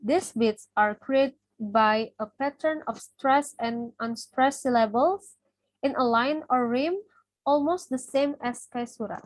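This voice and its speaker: A young woman with a high voice reads a class presentation steadily from her notes. She is a student from Indonesia, and her first language is Indonesian. The recording is dry and close, with no room sound. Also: slow, dry recording, low-quality recording. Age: young adult.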